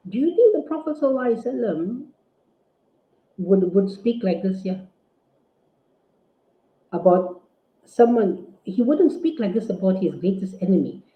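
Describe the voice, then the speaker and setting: A man, an Islamic scholar, delivering a forceful, indignant rebuttal full of rhetorical questions. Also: high-pitched. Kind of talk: preaching rebuttal. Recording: tinny phone-like audio in an echoey room.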